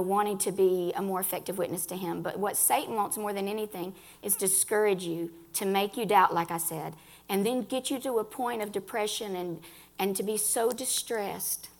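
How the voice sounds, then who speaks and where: An earnest woman gives a personal faith testimony to a gathering of women, speaking right to them. Her voice carries a gravelly fry, and she restarts phrases as she talks. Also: medium pitch, a bit bright. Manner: earnest, addresses listeners directly, restarts phrases.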